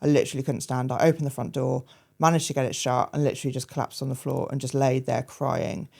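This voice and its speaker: A woman, a podcast guest telling her personal story frankly, hesitant and full of fillers, with dark humour. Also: extremely low pitch, fast, creaky.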